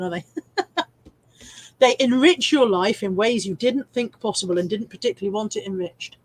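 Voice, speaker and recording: A middle-aged woman, hosting a casual live stream, reading viewer comments in a chatty, cheeky way with frequent laughs and the odd swear word. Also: mid-range voice. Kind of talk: casual chat.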